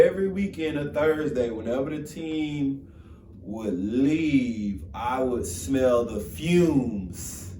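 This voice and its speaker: A young man from Florida telling a motivational story in an animated, casual, conversational way. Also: mid-range voice, a little hiss or hum. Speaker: motivational speaker. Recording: roomy sound from a distant mic.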